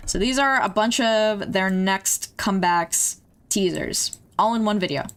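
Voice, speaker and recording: A woman's voice: medium pitch, a little slow, clean tone. A young woman streaming, chatting casually and emotionally as she reacts to music videos, laughing and gasping along the way.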